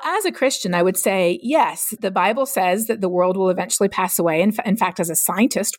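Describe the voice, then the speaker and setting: A woman's voice: medium pitch, no echo. Middle-aged woman guest, earnest explainer, dry close sound. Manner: earnest, explanatory, laughs easily. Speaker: climate scientist guest. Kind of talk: podcast interview.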